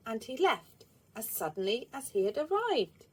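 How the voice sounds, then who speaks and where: A woman, reading a children's storybook aloud in an expressive, lively way. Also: on the high side, moderate pace, slight background noise.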